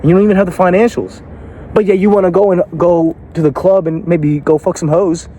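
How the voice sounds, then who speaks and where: A man's voice: high voice, steady tone, fairly quick, warm tone, a little hiss or hum. A man giving a motivational speech in a blunt, confrontational way, cursing and firing rhetorical questions at the listener. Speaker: motivational speaker.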